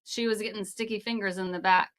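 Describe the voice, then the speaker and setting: A woman's voice: medium pitch, fairly even intonation, fast, fairly bright tone. A woman co-hosting a comedy podcast in casual chat, giggling and chiming in with quips. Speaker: podcast co-host.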